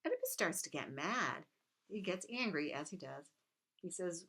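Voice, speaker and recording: A woman with a notably low voice lectures on a text in a relaxed, conversational way. She reads quoted lines aloud, then drops into quick, chatty commentary. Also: creaky, husky. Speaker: literature teacher. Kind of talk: casual recorded lecture.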